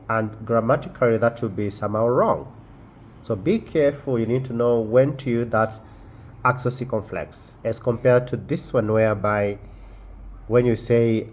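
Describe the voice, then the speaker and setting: A man walks learners through a French lesson at an unhurried pace. He repeats words, trails off with fillers and restarts his sentences. His voice sits at an ordinary middle pitch. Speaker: French teacher. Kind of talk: casual screen-share lesson.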